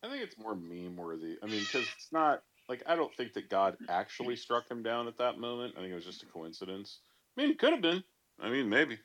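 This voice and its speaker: A man's voice: medium pitch, huge pitch swings, a little fast, fairly bright tone. A man co-hosting an online chat, talking casually with many fillers. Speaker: podcast co-host.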